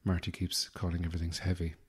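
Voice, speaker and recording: A man's voice: sits low, completely flat delivery, fast, breathy edge. An Irish man hosting a podcast, delivering a rambling, self-deprecating comic monologue with a wry manner. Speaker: podcast host.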